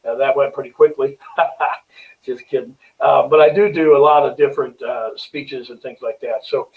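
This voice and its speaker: Folksy middle-aged man pitching in a webinar. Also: steady tone, normal speed, darkish tone. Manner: folksy and chatty, with frequent ums and restarts. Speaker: financial consultant. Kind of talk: webinar sales presentation. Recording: distant mic, slightly far-off.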